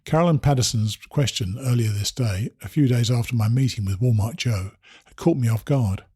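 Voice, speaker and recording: A man reading a first-person memoir aloud, in steady storytelling with wry asides. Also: mid-range voice, moderate pace, breathy edge, dry recording, clean studio sound. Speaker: narrator.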